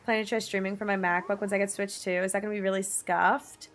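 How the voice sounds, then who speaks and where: A young woman in her twenties streaming, chatting casually with viewers in a bubbly, giggly way, her pitch jumping up often. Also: little pitch movement, quick pace, a bit bright. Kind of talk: casual livestream chat reading viewer messages. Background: faint music.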